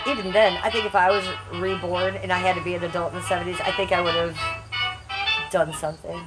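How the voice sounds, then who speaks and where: A brash woman with a lowish voice chatting through a phone on a casual livestream. She reads comments aloud and answers them in a crude, joking way, with music clearly playing behind her. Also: level tone, quick pace. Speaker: livestream host reading chat.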